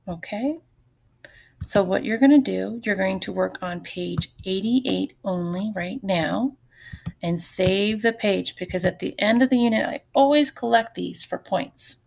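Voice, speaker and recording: A woman teacher giving an online phonics lesson, patient and slow, often repeating words. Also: medium pitch, gravelly, slightly rough.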